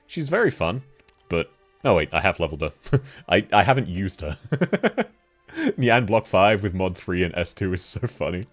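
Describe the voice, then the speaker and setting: Laughing, animated man streaming. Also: low-pitched, normal speed, pauses often, faint music behind. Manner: chatty, laughs often, animated. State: sick with a cold. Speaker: VTuber streamer. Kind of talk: casual livestream chat reading.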